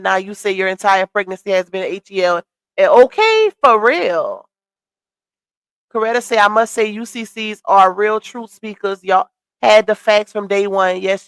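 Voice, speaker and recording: A woman hosting a casual livestream, reacting to gossip and shouting out viewers, her voice a little worn. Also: medium pitch, gravelly, dry recording. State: voice slightly worn. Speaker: livestream host. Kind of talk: casual live-stream chat reading comments.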